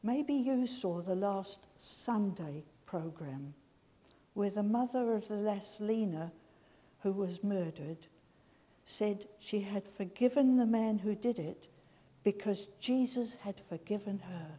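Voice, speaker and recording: Woman, sermon, slow and gentle, husky warm voice, long church reverb. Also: mid-range voice. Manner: gentle, slow storytelling delivery. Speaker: preacher. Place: large church.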